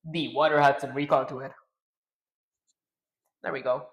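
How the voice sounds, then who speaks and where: Young streamer, mid-pitch, casual rambling self-talk, roomy echoey home mic. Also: flat delivery, moderate pace, pauses often. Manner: rambling, self-talking, trailing restarts. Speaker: live-stream game developer. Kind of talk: casual live-stream chatter. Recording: roomy echo.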